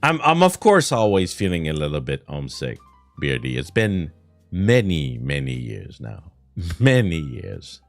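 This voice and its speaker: A man's voice: low voice, wildly swooping pitch, measured pace, gravelly, soft background music. A man from Quebec whose first language is French, with a Quebec French accent, chatting casually on a livestream in a whiny, ranting way, laughing often and swearing. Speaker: streamer.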